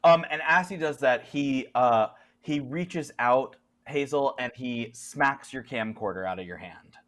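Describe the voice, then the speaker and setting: A man's voice: mid-range voice, a little slow, a bit bright. A man narrating as game master of a tabletop horror game, often laughing and restarting his sentences.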